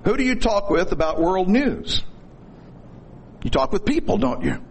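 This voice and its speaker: A man's voice: high voice, big pitch swings, moderate pace, gravelly, slight background noise. A middle-aged man preaching a sermon in a folksy, storytelling way, with corny jokes.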